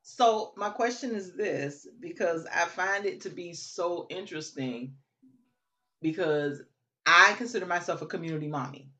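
A woman's voice: fairly low pitch, unhurried, bright, forceful tone. A woman hosting a casual talk. She speaks earnestly and with emphasis, thinking aloud as she builds toward her point. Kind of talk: casual chat.

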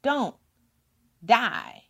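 A woman's voice: a little high, huge pitch swings, extremely slow, gravelly, pushed and bright. A woman giving an emphatic motivational talk, hammering points home with repeated words. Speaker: motivational speaker.

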